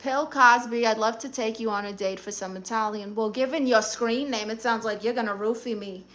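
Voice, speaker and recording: A woman's voice: on the high side, fairly quick, fairly bright tone. A woman hosting a live stream, reading viewers' comments aloud and answering them in a sassy, blunt, teasing way.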